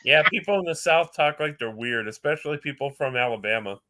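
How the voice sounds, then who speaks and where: A man in relaxed, casual chat, telling easygoing stories. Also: medium pitch, a little fast. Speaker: co-host.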